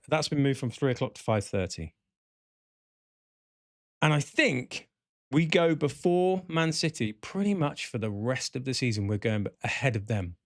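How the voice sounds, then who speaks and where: A man's voice: mid-range voice, no room sound, clean studio sound. A man hosting a live podcast in a chatty, rambling way, correcting himself and reading out viewer comments. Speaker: podcast host. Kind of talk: casual live podcast chat.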